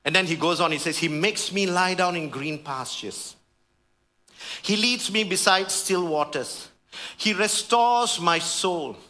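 A man preaching a sermon as pastor, fervent, dropping to hushed tones and rising to raised emphasis, calling out to the congregation. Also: fairly high pitch, normal speed. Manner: calls out to the congregation.

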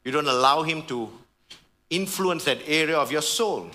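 A man preaching a sermon as pastor, fervent, dropping to hushed tones and rising to raised emphasis, calling out to the congregation. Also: a little high, animated, normal speed. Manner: calls out to the congregation.

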